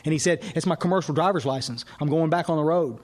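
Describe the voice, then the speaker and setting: A man, speaking at a recovery workshop as an animated storyteller who acts out the dialogue. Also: a little high, fast. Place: workshop hall.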